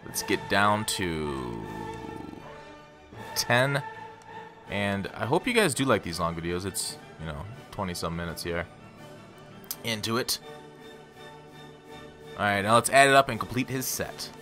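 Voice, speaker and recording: A man's voice: fairly low pitch, sing-song, a little slow, long pauses, music in the background. A man giving rambling, casual commentary on his gameplay and talking straight to his viewers. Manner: rambling, self-deprecating, talks to viewers. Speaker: gaming YouTuber.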